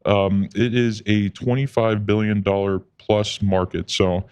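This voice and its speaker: Male co-host, low voice, halting and chuckling, keeps the chat on track. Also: level tone, darkish tone, clear, resonant tone. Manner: laughing, hesitant, steering talk back on track. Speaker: podcast co-host. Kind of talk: casual podcast chat.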